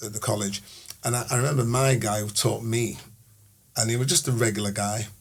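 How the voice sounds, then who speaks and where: A middle-aged man, a podcast guest telling lively anecdotes in casual chat and often repeating words. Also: lowish voice, fairly quick, gravelly, a little hiss or hum. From Sheffield, England.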